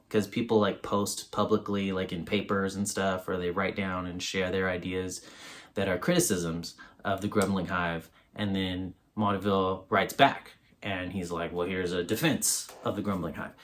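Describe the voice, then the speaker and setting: A man giving a casual, rambling book review on his video channel, full of fillers. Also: on the low side.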